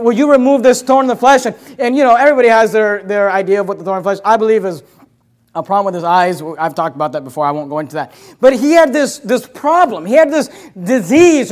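Male pastor, sermon delivery, very high-pitched, emphatic, repeats himself, loud-to-soft swings. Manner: emphatic preaching with repeated phrases; swings between loud and hushed.

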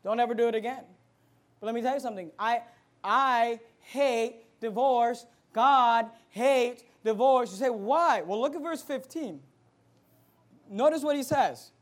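A man pastor preaching a fiery sermon, moving between loud emphatic bursts and quiet asides. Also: very high voice, unhurried.

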